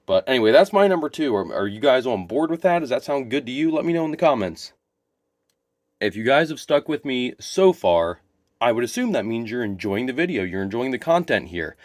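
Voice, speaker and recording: Male vlogger, mid pitch, excitable and rambling, dry close recording. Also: a little fast, no echo. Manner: enthusiastic, rambling, restarts and self-corrections. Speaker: wrestling video creator. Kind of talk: casual solo commentary to camera.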